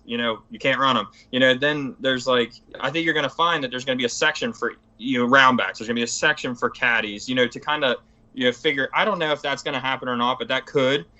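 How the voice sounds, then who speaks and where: Rambling eager man, bright tone. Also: mid-range voice, highs cut off. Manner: rambling, eager, heavy on "you know". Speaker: guest. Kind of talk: casual chat.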